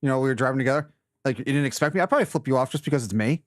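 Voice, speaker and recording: A man's voice: mid-range voice, rapid-fire, dry recording, clean studio sound. A man joining the chat, joking and teasing the host. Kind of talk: casual chat.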